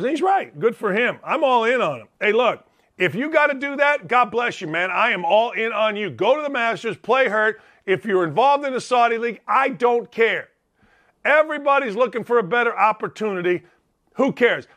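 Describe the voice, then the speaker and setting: A man's voice: sits high, expressive, moderate pace, a bit bright. A middle-aged man hosting a sports talk show, delivering a brash, rambling monologue and calling out to chat viewers.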